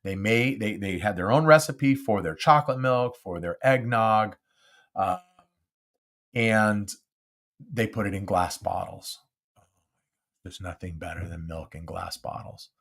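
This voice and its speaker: An older man from Southern California hosts his own live podcast, close on a studio mic. His voice sits a little low, and he chats in an animated, self-mocking way. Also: a little slow, long pauses. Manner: chatty and animated, self-deprecating. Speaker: podcast host. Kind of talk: casual live podcast chat. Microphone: close studio mic with windscreen.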